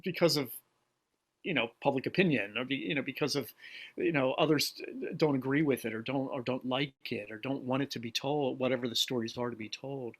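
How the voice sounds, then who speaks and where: A man with a mid-range voice co-hosts a conversational podcast. He talks earnestly but haltingly, doubling back and repeating words as he works toward his point. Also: mid-range voice, a bit bright. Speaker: podcast co-host. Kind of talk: conversational interview.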